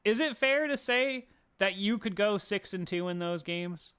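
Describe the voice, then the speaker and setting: Male podcast co-host, high-pitched, animated ranting sports talk with plenty of swearing. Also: measured pace, clear, resonant tone. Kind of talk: casual sports chat.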